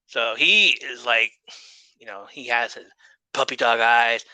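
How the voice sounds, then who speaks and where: A man talks through a TV episode in a loose, joking way, swearing freely and laughing at the show. His voice is very bright and cutting, and the recording is dry and close. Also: mid-range voice, a little slow, no echo, low-quality recording. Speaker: podcast host. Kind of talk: casual TV episode recap.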